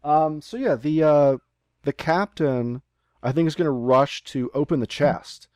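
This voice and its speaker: A man's voice: a little high, unhurried, a little mellow, no room sound, studio quality. A man narrating as game master of a tabletop game over a remote call, rambling with many fillers and restarts. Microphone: remote call microphone.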